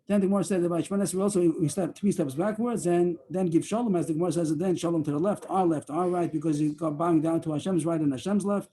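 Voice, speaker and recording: Fast-talking man leading a Talmud class. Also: on the high side, steady tone, dark tone. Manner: rambling, halting explanation with many fillers and restarts. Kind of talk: Talmud study class on a video call. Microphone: video call.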